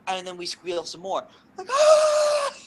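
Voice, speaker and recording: A young man and podcast co-host telling rambling, animated gaming anecdotes, swearing freely. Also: a little high, normal speed, slight background noise, poor audio. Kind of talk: casual storytelling.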